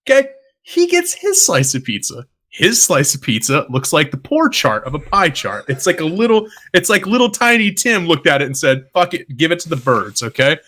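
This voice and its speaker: A young man with an East Coast accent tells stories on a podcast in a high, swooping voice. He is bright and forceful, swears freely and laughs through his lines. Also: normal speed. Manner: animated, profane, laughing often. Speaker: podcast co-host. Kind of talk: casual storytelling chat.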